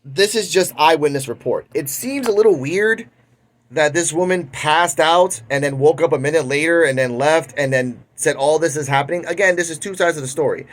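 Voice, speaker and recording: A man's voice: on the high side, normal speed. Young guy hosting his own channel, chatty news recap, stumbles and restarts a lot. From Puerto Rico. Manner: chatty retelling with frequent restarts. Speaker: commentary channel host. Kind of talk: casual news commentary.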